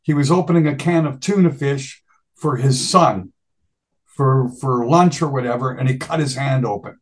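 An older man, a guest musician, telling stories from the road in a casual, animated way and acting out voices. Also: medium pitch, moderate pace. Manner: animated, laughing, acts out voices in quotes. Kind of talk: casual storytelling.

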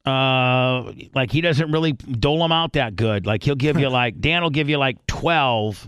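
A man's voice: mid-range voice, a little slow, a bit bright, clear, resonant tone, no room sound, clean studio sound. A man hosting a radio show, talking casually and crudely, rambling with many restarts.

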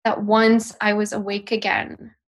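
A young adult woman, a podcast guest, retelling a frightening personal experience in an emotional, halting way with restarts. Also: medium pitch, monotone. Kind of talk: personal storytelling in a podcast interview.

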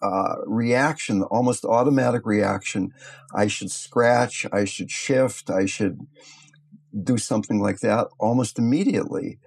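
An older man, a meditation teacher, giving a gentle, thoughtful talk and telling stories along the way. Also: medium pitch, vocal fry, breathy edge. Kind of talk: reflective talk with storytelling.

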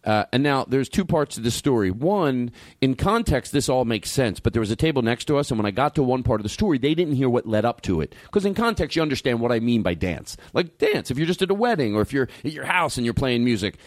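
A man's voice: mid-range voice, very animated, fast, few pauses, dry recording. A man hosting a radio show, chatting casually and rambling through stories with loose profanity on a studio mic. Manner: rambling storyteller, swears freely. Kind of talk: casual on-air chat.

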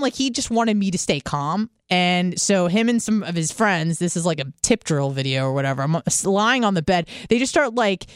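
Young woman storyteller, animated and profane, crisp tone, dry recording. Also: lowish voice, normal speed, hardly any pauses, dry recording. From San Diego. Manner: animated, profane, quotes others. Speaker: guest telling a story. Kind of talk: casual storytelling.

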